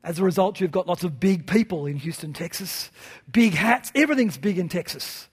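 A man's voice: high-pitched, animated, fairly quick, breathy edge. A man preaching to his church in an earnest style, with rhetorical questions and repeated phrases. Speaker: pastor. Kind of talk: sermon.

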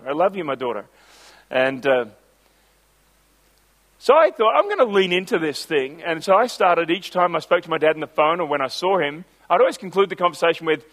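A middle-aged man, preaching a sermon with personal stories and slowing down hard on key lines. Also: on the high side, a bit bright. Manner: builds to emphatic, slowed phrases on key lines.

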